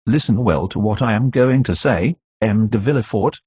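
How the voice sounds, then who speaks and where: A grave doctor lays out his case in firm, measured words, as a male narrator voices him. The voice sits low and husky, steady and insistent. The sound is dry and close. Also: no echo.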